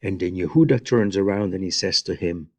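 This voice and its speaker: A man retelling Bible stories in an informal, unhurried way, adding his own comments and Hebrew phrases, recorded on a close mic in a quiet room. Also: low-pitched, dry recording. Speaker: Bible teacher.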